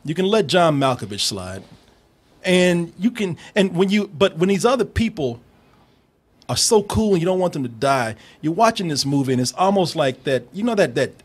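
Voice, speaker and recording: A man hosting a casual movie review, animated and profane, laughing often and slipping into impressions. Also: a little high, moderate pace, husky.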